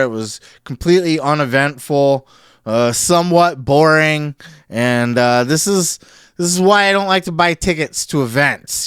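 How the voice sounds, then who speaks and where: High-voiced man ranting casually. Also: clean tone, no room sound, clean studio sound. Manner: profane, animated, laughs often. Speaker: wrestling show reviewer. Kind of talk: casual solo commentary.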